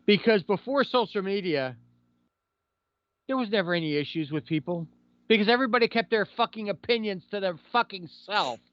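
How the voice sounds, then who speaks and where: A man with a fairly high voice hosts a casual podcast, sharing blunt, opinionated takes peppered with swearing. The sound is dry and a little dull, with no room around it. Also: lively intonation, fairly quick, dry recording. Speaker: podcast host. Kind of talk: casual profane talk.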